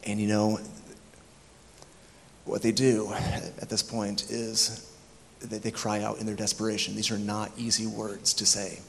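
A man's voice: lowish voice, monotone, a little slow, vocal fry, a bit bright, slight background noise. A man preaching a sermon, reflective, acting out the words of the people in his story. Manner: reflective, acts out the thieves' words. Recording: long hall reverb, faint ambience.

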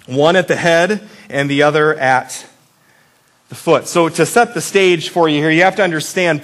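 A male pastor preaches in a relaxed, conversational way, slipping in jokes and asides. His voice sits a touch higher than most men's. He keeps checking in with his listeners and asking them questions to ponder. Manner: asks the audience reflective questions. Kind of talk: casual Easter sermon.

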